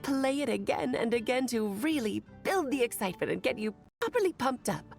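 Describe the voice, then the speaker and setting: A mischievous, theatrical witch, sweetly teasing in a slightly high voice with lively swoops of pitch. She speaks in grand, playful phrases. Video game dialogue. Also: fairly quick, creaky, soft background music.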